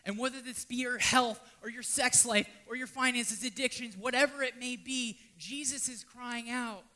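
High, bright-voiced man preaching. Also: fairly even intonation, moderate pace. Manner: dramatic swings from loud pleading to hushed near-whispers. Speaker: pastor. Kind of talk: sermon.

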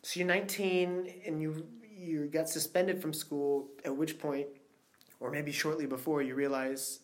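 A man's voice: on the high side, steady tone, a little slow. A man hosting an interview, asking curious, empathetic questions and laughing easily. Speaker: interview host. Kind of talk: conversational interview.

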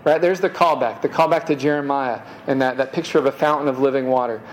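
A man's voice: mid-range voice, fairly even intonation, fast, slight background noise, poor audio. A man preaching a sermon in a casual, conversational way, dropping "man" and "right?" asides and repeating words as he restarts.

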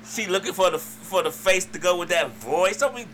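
A man's voice: sits high, lively intonation, normal speed, fairly bright tone, slight background noise, low-quality recording. A man co-hosting a casual radio chat, laid-back and teasing, still getting over a cold. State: lingering cold. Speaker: radio co-host.

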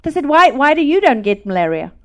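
A middle-aged South African woman preaches a testimony sermon, animated and laughing, swinging between loud and hushed. Her voice sits high and moves a little fast.

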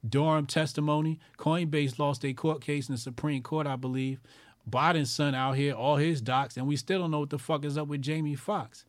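A man's voice: on the high side, steady tone, normal speed, dry recording, studio quality. A man hosting his own commentary show, ranting crudely with constant swearing, mocking people and repeating lines for emphasis.

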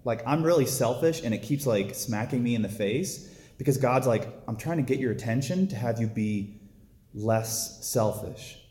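A man's voice: medium pitch, normal speed, mellow, echoey room. A man giving a casual, conversational sermon, telling a story with lots of filler words. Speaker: preacher.

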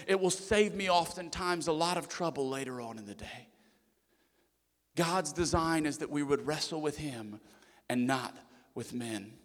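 A man's voice: fairly high pitch, animated, normal speed. A man, preaching a sermon and telling family stories with acted quotes, building to emphatic repeated lines. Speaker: pastor. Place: church sanctuary. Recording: church hall reverb with soft instrumental music.

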